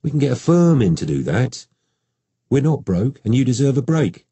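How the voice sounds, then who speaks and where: A man reading an audiobook plays a cheerful police detective, husband and father with a Geordie accent, who talks in a brisk, breezy way. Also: medium pitch, sing-song, mellow, slightly rough, no echo, voice pushed up.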